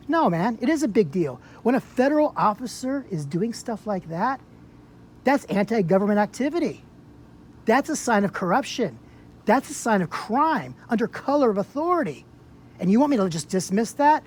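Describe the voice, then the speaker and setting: A man's voice: high-pitched, big pitch swings, normal speed, a little hiss or hum. A man in a heated argument on a public sidewalk outdoors, confronting an officer with repeated rhetorical questions.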